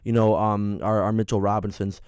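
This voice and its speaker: A man's voice: fairly low pitch, little pitch movement, normal speed, darkish tone, clean tone, no echo. Joking young man co-hosting sports radio. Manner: joking, laughs often, plays with silly accents. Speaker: co-host of a college radio sports show. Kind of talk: casual sports radio chat.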